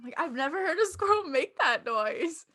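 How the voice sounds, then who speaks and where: A young woman chats on a casual podcast in a bright, fairly high voice. She sounds upbeat and giggles easily. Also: big pitch swings, normal speed. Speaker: podcast co-host.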